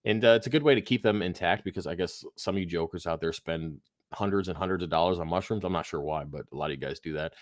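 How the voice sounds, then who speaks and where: A man speaks low and fast in a studio-quality recording free of room sound. As host of a live aquarium Q&A, he reads questions from chat while tired, yawning, and clearing a phlegmy throat, rambling easily with heavy fillers and frequent swearing.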